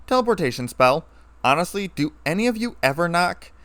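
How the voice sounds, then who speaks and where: A man reading a story aloud, playing a scarred, weary ex-soldier who speaks in a low, flat, calm way. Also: brisk, dry recording.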